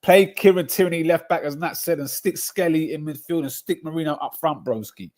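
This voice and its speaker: A man's voice: on the high side, fairly quick, darkish tone. A young man, streaming casual football chat with slang-heavy banter, stutters and restarts. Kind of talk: casual chat reacting to chat messages.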